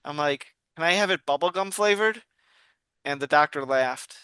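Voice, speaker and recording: A man's voice: a little high, normal speed, pushed and bright, clear, resonant tone, no room sound. A man in his forties co-hosting a casual podcast, telling jokey self-deprecating stories. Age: 40s. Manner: joking, self-deprecating storyteller. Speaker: podcast co-host. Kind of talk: casual chat.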